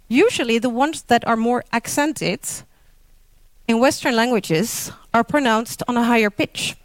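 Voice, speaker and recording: A woman with a Dutch accent speaks slowly and carefully, explaining linguistics in English in a fairly high voice. She pauses often, filling gaps with ums and correcting herself mid-phrase. The sound is dry and close. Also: no echo. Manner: slow, hesitant, many fillers and self-corrections. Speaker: lecturer. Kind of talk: informal talk on linguistics.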